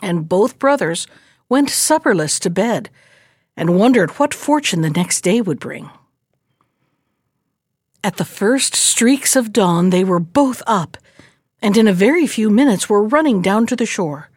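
Animated woman librarian telling a story. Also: mid-range voice, measured pace, no room sound, clean studio sound. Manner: expressive, animated. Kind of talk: storytelling read-aloud.

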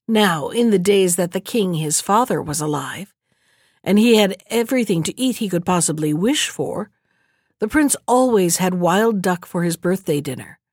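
A woman with a lowish voice narrates a fairy tale audiobook, keeping her storytelling steady and measured. The clean studio recording has no room sound.

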